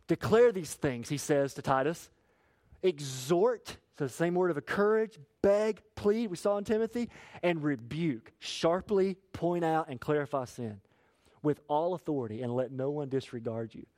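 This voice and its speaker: Animated young male pastor preaching. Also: on the high side, dry recording. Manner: conversational, animated preaching with asides and quick shifts in loudness. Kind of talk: sermon. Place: church.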